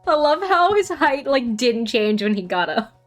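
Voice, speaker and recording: A woman's voice: high-pitched, sing-song, unhurried, faint music behind. Chatty woman streaming a game. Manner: chatty, giggly, trails off and restarts. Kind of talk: casual chat while streaming a game.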